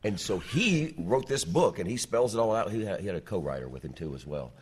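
Middle-aged radio guy, low husky voice, storytelling, pitch goes all over. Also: big pitch swings, fairly quick, a little mellow. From United States. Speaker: radio host guest. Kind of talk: casual chat.

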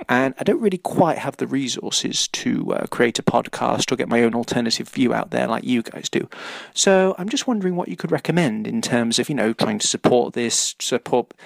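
A man's voice: mid-range voice, vocal fry, no room sound. A British man leaving a polite, hesitant voicemail for a podcast, with frequent fillers. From United Kingdom. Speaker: voicemail caller.

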